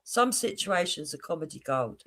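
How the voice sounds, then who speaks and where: A man's voice: fairly high pitch, sing-song, normal speed, pushed and bright. A man teasing fellow panelists on a live stream, his voice swinging widely up and down. He talks casually and needles the others. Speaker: panel guest.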